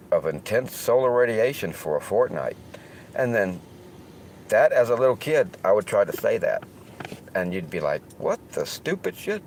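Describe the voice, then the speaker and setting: Southern male streamer, very low voice but animated, rambling, foul-mouthed; faint background noise. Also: poor audio. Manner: rambling and heavily profane. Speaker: streamer host. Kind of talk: casual livestream monologue.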